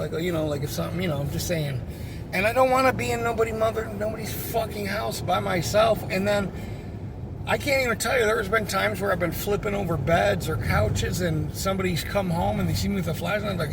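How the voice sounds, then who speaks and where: A man's voice: sits high, brisk, background noise. A man who works in pest control, telling a work story in a casual, profane, exasperated way.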